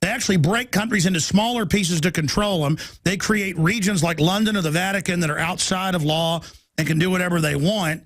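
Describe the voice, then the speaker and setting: A man hosting a talk show interview, talking in halting bursts with stammering restarts. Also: high voice, fairly bright tone, dry recording.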